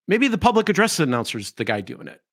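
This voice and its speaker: A middle-aged podcast host delivers opinionated commentary in an animated, mocking style, occasionally mimicking other people. His pitch is fairly high and he talks quickly.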